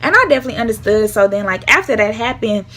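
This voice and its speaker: A woman's voice: on the high side, lively intonation, very fast, bright, forceful tone. A young woman telling a casual storytime vlog, acting out the voices of the people she quotes. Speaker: vlogger.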